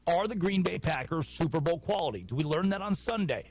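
A man's voice: on the high side, lively intonation, no room sound, low-quality recording. Man, American, sports radio host, wry, opinionated, casual football talk. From United States. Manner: wry, opinionated, quick asides.

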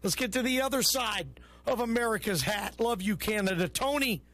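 A man hosts a sports call-in show with a strikingly high voice. He talks loose and chummy, riffing between calls. It has a radio broadcast sound. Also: moderate pace, fairly bright tone, slight background noise. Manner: loose, chummy, calls callers bro and brother. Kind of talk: casual call-in radio talk.

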